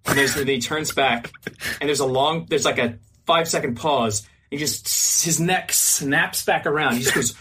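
A man's voice: a little high, normal speed, slight background noise. A man on a podcast telling a long funny story in casual chat, acting out the other people's lines and swearing freely. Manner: animated, acts out quoted voices, swears freely. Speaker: podcast guest.

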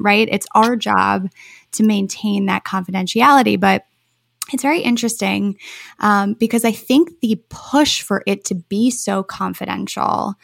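A woman's voice: mid-range voice, creaky, a bit bright, no echo, studio quality. A woman therapist talking casually and earnestly, explaining ideas thoughtfully and swearing now and then. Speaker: therapist, podcast guest. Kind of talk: casual chat.

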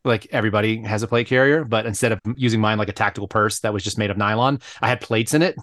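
Brief: rapid, animated male storyteller, dry close sound, chatty and full of fillers. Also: on the low side, dry recording. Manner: fast, animated anecdote telling with lots of fillers. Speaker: podcast co-host. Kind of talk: casual storytelling chat.

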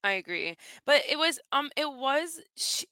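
A woman's voice: high-pitched, big pitch swings, a little slow, sharp tone, no room sound. A woman co-hosting a casual chat podcast, talking loosely with lots of "like.". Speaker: podcast co-host.

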